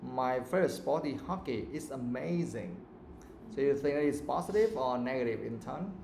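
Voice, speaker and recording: A man's voice: medium pitch, expressive, normal speed, vocal fry, a little mellow, echoey room, a little hiss or hum. A man with a Vietnamese accent teaching an English speaking lesson live, modelling intonation with exaggerated examples.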